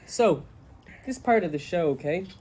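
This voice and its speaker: Chatty young Irish podcast co-host. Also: male voice, high voice, animated, warm tone, a little hiss or hum. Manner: laughing, chatty, quick asides. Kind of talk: casual chat.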